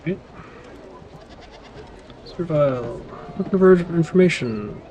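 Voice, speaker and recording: A man's voice: fairly high pitch, slow pace, long pauses, muffled recording, background noise. A man playing a fantasy role-playing game, thinking aloud in casual, mumbled commentary. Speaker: let's play gamer.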